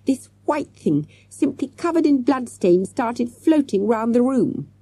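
A woman's voice: on the high side, animated, unhurried, dark tone, slightly rough, no room sound, pitched above the performer's own voice. A woman voicing a dramatic young schoolgirl telling things with wide-eyed intensity. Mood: spooky. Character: dramatic schoolgirl, easily frightened.

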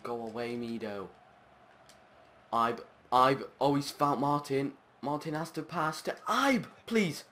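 A man narrates his football video game as he plays, at a middling pitch. He chats through the action, then flares into loud, high yells and swearing whenever a chance goes wrong. A faint hiss sits under the voice. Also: a little slow. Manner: excitable, shouts and swears at the game. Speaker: gaming channel host.

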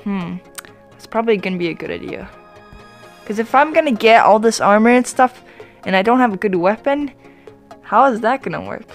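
A woman's voice: mid-range voice, normal speed, long pauses, soft background music. Chatty woman narrating her gameplay. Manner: chatty, apologetic, bursts into excited exclamations. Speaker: YouTube gamer. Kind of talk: let's-play gameplay commentary.

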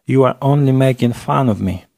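A man's voice: mid-range voice, moderate pace, gravelly, dark tone, no echo, studio quality, voice pushed up, natural voice. A man doing a blustering old general. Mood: indignant. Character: pompous indignant older general.

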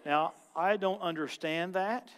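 A man preaching as a guest minister, telling stories and quoting scripture, swinging from loud shouts to quiet asides. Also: sits high, unhurried, some chatter behind. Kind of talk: lively sermon with stories.

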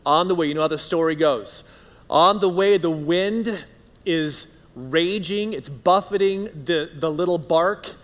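A man preaching a sermon as pastor, conversational and animated, acting out the people he quotes. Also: on the high side, unhurried, long reverb tail. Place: church sanctuary.

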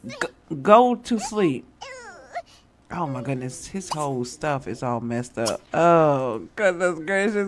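A woman commentating her own gameplay in a casual way, scolding the game characters and often breaking into laughter. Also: mid-range voice. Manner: bossy, scolding, with slang. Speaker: Sims gameplay vlogger.

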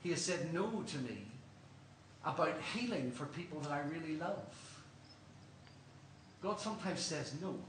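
A man's voice: on the high side, animated, unhurried, a bit bright. An Irish man preaching a sermon in a church, earnest and questioning, telling stories to the congregation. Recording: roomy church, distant mic, faint hum.

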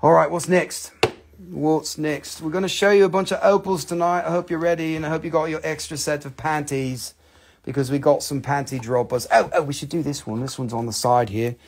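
A man's voice: fairly high pitch, fairly even intonation, a little fast, a little hiss or hum. A man hosting a live crystal sale, rambling and joking with crude humor and playful put-on voices. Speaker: host selling crystals on a live stream. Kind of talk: casual live sales chat.

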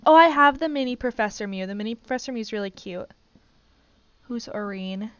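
A woman hosting a casual live stream while gaming, gushing and excitable as she rambles along. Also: fairly high pitch, a little fast, clean tone, no room sound, muffled recording. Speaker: streamer host.

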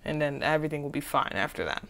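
A woman's voice: low-pitched, animated, fast, vocal fry. A woman doing a casual tarot reading who rambles, repeats herself and keeps asking "okay?". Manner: chatty and informal, with "okay?" checks. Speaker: tarot reader.

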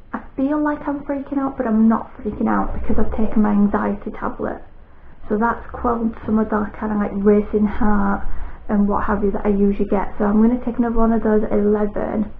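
A British woman chats to camera in a rambling, anxious way, her voice gravelly with vocal fry. The recording sounds thin and phone-like, with a faint hiss underneath. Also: medium pitch. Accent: British English. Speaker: vlogger. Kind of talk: casual chat to camera.

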